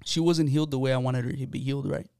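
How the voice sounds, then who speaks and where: Smooth-voiced man telling an earnest story. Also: medium pitch, fairly even intonation, fast, mellow, dry recording, studio quality. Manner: earnest storytelling with many fillers. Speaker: podcast guest. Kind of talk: casual podcast chat.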